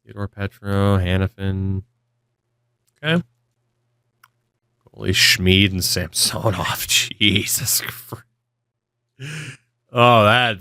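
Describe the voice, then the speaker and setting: A man's voice: on the low side, slow, long pauses, sharp tone, clean tone, dry recording, studio quality. A young man giving rambling, offhand commentary on a hockey video game, swearing now and then. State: yawning, with hiccups. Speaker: gaming video creator. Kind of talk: casual commentary over gameplay.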